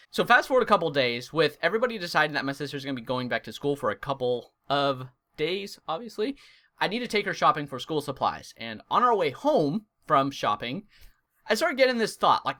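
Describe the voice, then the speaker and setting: Animated young guy telling a story. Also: mid-range voice. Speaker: gaming channel host. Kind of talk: storytime vlog.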